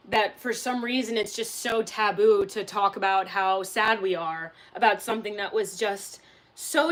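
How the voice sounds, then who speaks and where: A woman's voice: fairly high pitch, a bit bright. A young woman casually chatting on a livestream, reading out and answering chat, candid, swearing and laughing often.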